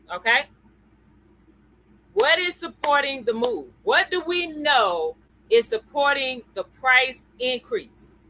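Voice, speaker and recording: A woman's voice: on the high side, bright, forceful tone, low-quality recording. A woman hosting a live-stream lesson. She talks in a chatty way, greets viewers by name and keeps checking in with "okay?" and "y'all.". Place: at home computer.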